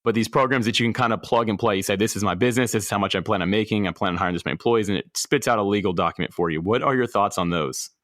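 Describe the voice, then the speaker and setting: A man hosting a podcast interview, asking questions and telling an animated personal story, acting out the people he quotes. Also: on the low side, racing, hardly any pauses, dry recording, clean studio sound. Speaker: podcast host.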